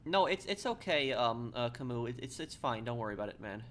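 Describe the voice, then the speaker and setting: A man's voice: medium pitch, animated, a bit bright, a little hiss or hum. A man streaming a video game, chatting casually with viewers, often repeating words and stopping to read comments aloud. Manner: halting, repeats words, reads chat aloud. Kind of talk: casual live-stream chat.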